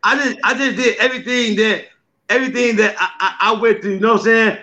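A man guest telling stories excitedly, stammering, laughing and breaking into shouts. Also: sits high, fast. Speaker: skit creator and guest. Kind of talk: casual storytelling. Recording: slightly muffled lo-fi audio.

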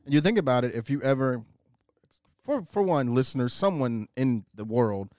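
A man co-hosting a casual chat, telling rambling, animated stories. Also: mid-range voice, moderate pace, no room sound, studio quality. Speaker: podcast co-host.

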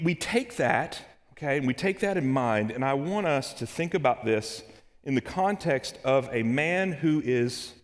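A pastor preaching a conversational sermon, swinging between loud and soft. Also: male voice. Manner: conversational, dramatic swings in pitch and volume. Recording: long hall reverb.

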